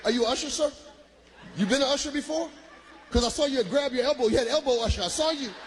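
Male stand-up comic from Michigan, very high voice, shouts the punchlines, noisy live room. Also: fast talker. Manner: loud, shouting punchlines, laughing through bits. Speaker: stand-up comedian. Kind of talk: stand-up comedy.

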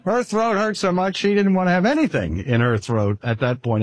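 An older man preaching a sermon, measured and deliberate, slowing down to stress key words. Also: on the high side, big pitch swings, husky, no echo. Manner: measured, with slow emphatic pauses. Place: speaking at a cancer hospital.

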